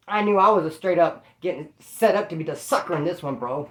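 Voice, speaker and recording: A man's voice: fairly high pitch, fairly quick, reverberant. A man casually telling a story in slangy street talk, acting out the voices of the people in it. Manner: slangy, animated, acts out quoted voices. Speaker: storyteller recounting prison life.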